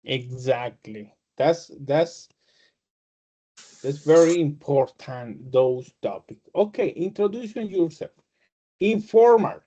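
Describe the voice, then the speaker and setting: A man teaching English as a second language, a Spanish native speaker who explains with halting restarts and fillers, and laughs when he acts out greetings. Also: fairly high pitch, expressive, mellow, dull audio, a little hiss or hum. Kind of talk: casual online class explanation.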